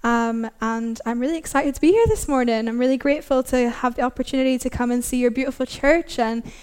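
Derry irish lady pastor, talks fast n upbeat, bit higher voice, asks the church lots of questions. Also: a little mellow, smooth. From Northern Ireland. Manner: quick, upbeat, engaging the congregation with questions. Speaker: assistant pastor. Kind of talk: sermon and Bible study.

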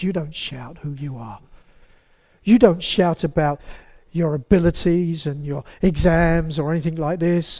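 A man preaching a sermon to a congregation in a church, talking to them directly and acting out little scenes as he goes. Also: fairly high pitch. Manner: animated, acts out quotes, addresses the congregation directly.

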